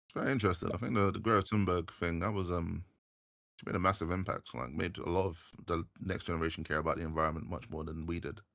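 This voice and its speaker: British male guest, low voice, dry mic, chatty and quick to laugh. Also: gravelly, no echo. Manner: laughs often, animated banter. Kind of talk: casual live stream chat.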